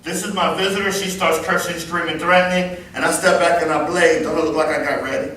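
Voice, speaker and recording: A man in his fifties running a live workplace safety training class, animated and joking as he demonstrates moves. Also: on the high side, fairly quick. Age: 50s. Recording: very echoey room, far mic, faint ambience.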